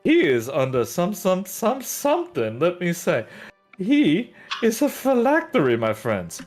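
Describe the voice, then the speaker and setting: A man's voice: sits high, wildly swooping pitch, unhurried, a little mellow, faint music behind, pitched above the performer's own voice, full character voice. A man voicing a small, squat, bald male goblin who is drunk, talks with a waver and rambles pompously. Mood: tipsy, pompous.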